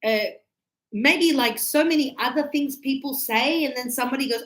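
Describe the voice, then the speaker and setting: High-voiced teacher lady explaining grammar, acts out little dialogues, teasing, roomy echo. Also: animated, moderate pace. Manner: emphatic, teasing. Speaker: English teacher. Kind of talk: informal classroom grammar explanation. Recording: echoey room.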